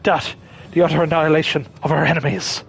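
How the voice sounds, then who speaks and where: A man doing a gruff tough military soldier. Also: a little high, flat delivery, quick pace, faint music behind, pitched below the performer's own voice. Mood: menacing. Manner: menacing, barked threats.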